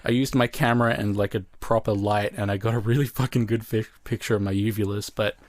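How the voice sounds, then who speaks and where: A man's voice: on the low side, steady tone, brisk, dry recording. A young man co-hosting a podcast, chatting casually in a rambling, jokey, profane way. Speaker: podcast co-host. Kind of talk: casual chat.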